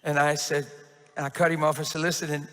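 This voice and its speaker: Bright, high-voiced preaching man. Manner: animated storytelling, quick restarts. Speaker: pastor. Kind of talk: testimony sermon. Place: church. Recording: reverberant church hall.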